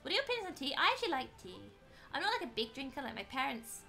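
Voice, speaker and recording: A woman's voice: sits high, very animated, very fast, bright, forceful tone. A young British woman chatting playfully while streaming a game, exclaiming as she plays. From Britain. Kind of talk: casual gaming stream chat. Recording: faint background music.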